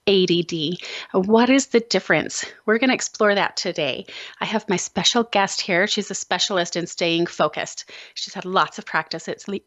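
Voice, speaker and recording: Animated woman host telling a story. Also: mid-range voice, dry recording. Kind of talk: radio talk show storytelling. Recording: dull, lo-fi dry recording.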